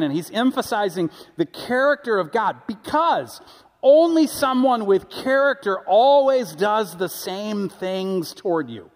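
A pastor preaching a sermon in a conversational, animated storytelling way, often restarting his sentences. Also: high-pitched, measured pace, big-room sound. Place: church sanctuary.

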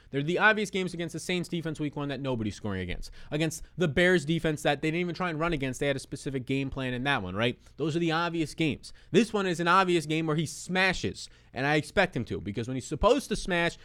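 A young man hosting a fantasy football picks show, talking in an energetic, profane, hype-man way. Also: on the high side. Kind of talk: hyped sports betting talk.

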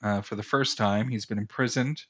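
A man's voice: lowish voice, steady tone, moderate pace, a bit bright. Rambling self-deprecating male podcast host. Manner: rambling, self-deprecating, with many fillers and restarts. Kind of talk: casual solo podcast commentary.

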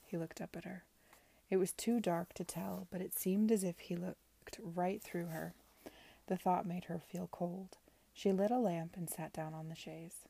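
A woman reading a novel aloud in a soft, near-whispered way. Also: lowish voice, steady tone, measured pace, creaky, slightly rough. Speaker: reader.

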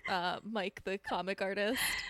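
A woman's voice: mid-range voice, fairly even intonation, a little slow, a bit bright, no room sound, studio quality. A woman in casual conversation about a movie, rambling with restarts and stressing her points emphatically.

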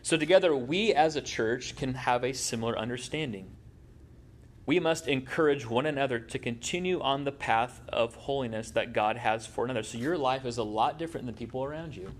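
A man preaching in a relaxed, conversational way, tossing in jokes for his congregation. His voice sits at a middle pitch for a man, and he speaks from a church sanctuary. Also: fairly quick. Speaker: pastor. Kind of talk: sermon.

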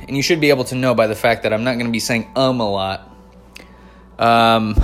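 A man in his thirties, hosting a podcast, tells a comic story in a loose, profane, rambling style. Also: medium pitch. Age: 30s. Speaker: comedian podcast host.

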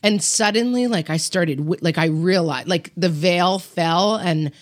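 Low-ish woman's voice, podcast guest, chatty storyteller, dry close mic. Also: measured pace, no room sound. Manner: storytelling with frequent "like". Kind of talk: casual conversation.

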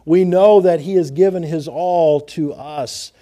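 A male preacher in full sermon flow, his voice sitting fairly high yet mellow and dark in tone. He recites scripture in archaic phrasing and acts out the speakers. He surges into loud, emphatic declarations, then drops to soft, intimate asides. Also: a little slow. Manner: reads scripture in old-fashioned wording, acts out the speakers.

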